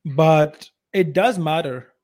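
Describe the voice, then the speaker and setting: A man's voice: fairly high pitch, slow. A man with an Indian accent co-hosting a podcast, talking bluntly and with strong opinions. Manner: blunt, opinionated, uneven loudness. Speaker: podcast co-host. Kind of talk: casual podcast chat.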